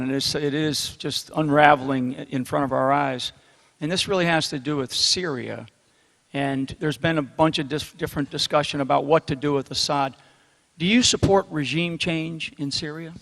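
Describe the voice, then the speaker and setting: Male moderator, deliberate questioning in a large echoey venue with a faint crowd behind. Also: fairly high pitch, fairly bright tone. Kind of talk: interview question.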